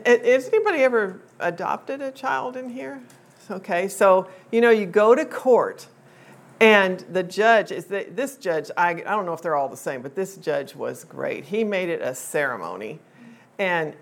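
An older woman telling a personal family story to a group in a chatty, unhurried way, with frequent fillers and restarts. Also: fairly low pitch.

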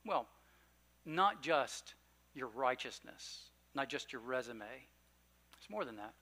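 Bright-voiced preaching man. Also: very animated. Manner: earnest preaching, punches key phrases then drops low and slow; conversational asides with fillers. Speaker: pastor. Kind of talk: sermon.

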